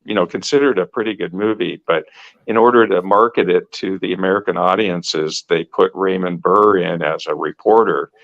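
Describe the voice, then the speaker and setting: A man from California co-hosts a podcast chat, explaining at length with emphasis. His voice is low and gravelly with a lot of fry, and it comes through a dull, lo-fi recording. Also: normal speed.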